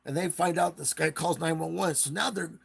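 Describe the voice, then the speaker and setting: A man's voice: on the high side, fairly even intonation, a little fast, creaky, slightly rough. A man hosting a live stream, casually retelling a case in a rambling way and acting out the quotes.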